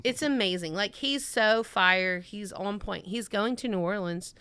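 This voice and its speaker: A woman's voice: medium pitch, measured pace, bright, forceful tone, clear, resonant tone. A woman from Mississippi, a podcast guest chatting casually and acting out her own quotes as she tells stories. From Mississippi, USA.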